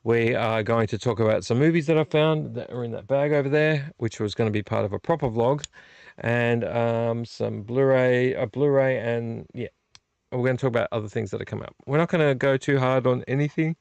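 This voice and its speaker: A man's voice: medium pitch, fairly quick, creaky, a little mellow, no echo, highs cut off. A frustrated, weary man, hosting a casual late-night vlog and rambling in a self-deprecating way with frequent restarts. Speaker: vlog host. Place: home movie collection room.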